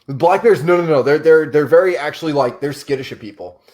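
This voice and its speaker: Profane storytelling host, fairly high-voiced man. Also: fast, a little mellow, slight background noise. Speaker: show host. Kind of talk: casual storytelling chat.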